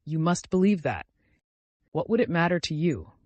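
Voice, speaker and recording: Audiobook figure: man voicing an anguished young murderer, pleading and lively in pitch. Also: normal speed, no room sound, lo-fi sound. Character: tormented young male murderer confessing.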